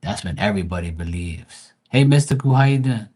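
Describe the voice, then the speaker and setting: Male tarot streamer, fairly low voice, blunt and foul-mouthed, casual chat with viewers. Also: animated, brisk, a little mellow, breathy edge. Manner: blunt, profane, greets chat viewers by name. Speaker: livestream tarot reader.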